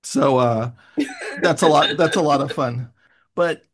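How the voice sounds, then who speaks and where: A man with a slightly raised pitch tells stories in a loose, animated way. He jumps between asides and laughs easily as he hosts a relaxed conversation over a video call. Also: unhurried, a crowd in the background. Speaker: host. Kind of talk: casual chat.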